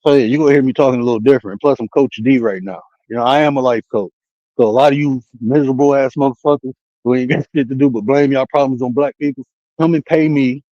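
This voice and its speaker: A male streamer and life coach rants fast on his livestream in a warm, mid-range voice, captured by a streaming setup mic in a muffled recording with no room sound. It's a casual rant where he hurls profanity at the chat and challenges viewers to join the call.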